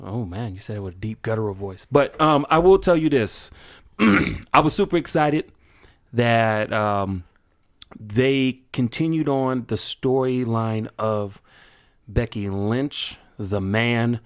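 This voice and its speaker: A man co-hosting a wrestling podcast in a casual chat, excitable, often stumbling and repeating words as he starts a point. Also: medium pitch, slow pace. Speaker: podcast co-host.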